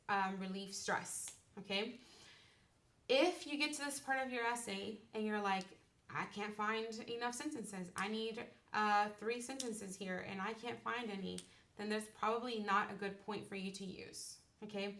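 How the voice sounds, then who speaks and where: A woman teacher gives a step-by-step lecture and keeps checking in with her students. Her voice sits at a middle pitch. She sounds distant from the mic, in an echoey classroom. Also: fairly bright tone. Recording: roomy, distant classroom recording.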